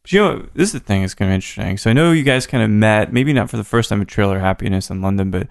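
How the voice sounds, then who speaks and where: A man's voice: on the low side, racing, creaky. An American man hosting a podcast, interviewing guests in an easygoing, affirming way. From United States. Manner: easygoing, affirming, asks long questions. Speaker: podcast host. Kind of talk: casual interview.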